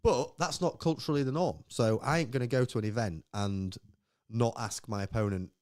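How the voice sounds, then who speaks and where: A man's voice: mid-range voice, moderate pace, dry recording, clean studio sound. A man co-hosting a podcast, chatting casually while drinking beer, rambling and acting out quoted remarks. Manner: rambling, animated storytelling with acted-out quotes. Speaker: podcast co-host. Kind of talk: casual chat.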